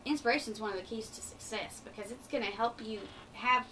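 A woman's voice: fairly high pitch, pushed and bright. A young woman with a light Eastern Kentucky accent, speaking earnestly and upbeat as a radio interview guest. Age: young adult. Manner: earnest, upbeat, quick to laugh. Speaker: pageant titleholder guest. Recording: distant mic with faint background noise.

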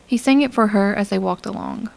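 A woman narrating a science fiction audiobook. Her delivery is calm and measured, with a mid-range voice and a noticeable gravelly texture. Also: medium pitch, low-quality recording.

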